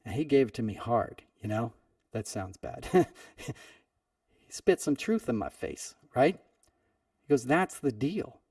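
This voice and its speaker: A man's voice: medium pitch, very animated, unhurried, long pauses, warm tone, no room sound, studio quality, distant mic. A man hosting a podcast, telling a personal story in a conversational way and leaning on "you know" often. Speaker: podcast host. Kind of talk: storytelling monologue.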